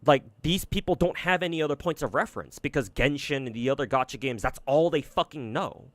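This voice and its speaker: A man's voice: medium pitch, lively intonation, a little fast, dry recording. A man streaming and giving casual commentary on games, rambling and swearing a lot, with many fillers and restarts. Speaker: gacha game streamer.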